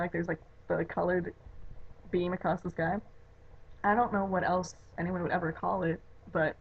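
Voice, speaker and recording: A woman's voice: on the low side, a little hiss or hum. Rambling young woman, Chicago accent. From Chicago area, USA. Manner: rambling, many fillers like "you know" and "like". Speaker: vlogger. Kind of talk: casual chat. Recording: dull lo-fi webcam audio.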